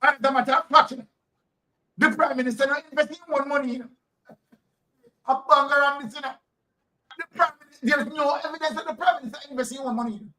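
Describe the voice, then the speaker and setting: A man's voice: very high voice, fairly even intonation, fast, long pauses, pushed and bright, recorded from a distance, rough recording. A man with a Jamaican accent hosting heated political commentary, firing off rhetorical questions in patois. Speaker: host.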